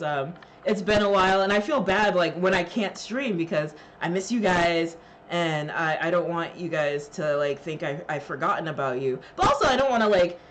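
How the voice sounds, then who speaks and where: A woman's voice: fairly low pitch, slight background noise. A woman streamer chatting casually with her live chat, emotional and laughing, thanking viewers with lots of fillers.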